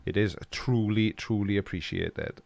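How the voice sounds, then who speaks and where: A man's voice: fairly low pitch, steady tone, measured pace, darkish tone, a little hiss or hum. A Welsh man hosting a live stream, reading out chat comments with dry, teasing humor. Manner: jokey, dry teasing banter.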